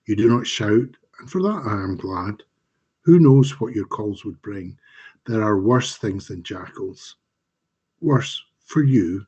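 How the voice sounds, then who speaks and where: A man, the author, reading his dark fantasy fiction aloud in a slow, measured, dramatic way, over a home mic on a live stream. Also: lowish voice, lively intonation, husky, lo-fi sound.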